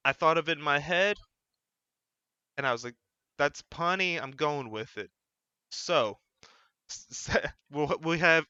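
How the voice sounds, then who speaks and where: A man hosts his own channel, talking in a loose, rambling way and often correcting himself. His voice is bright and smooth. The recording is dry and a little dull, made on a desk mic at home. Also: a little high, dry recording. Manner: rambling, self-correcting, relaxed. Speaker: channel host. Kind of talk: casual solo vlog chat. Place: home room with a fan running.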